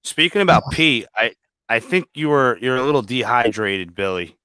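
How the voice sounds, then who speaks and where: A man with a bright, forceful tone drops joking, teasing comments into a live stream chat. His voice sits in a middle range and sounds dry. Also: medium pitch, animated, moderate pace, smooth, no echo. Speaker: guest on a live show.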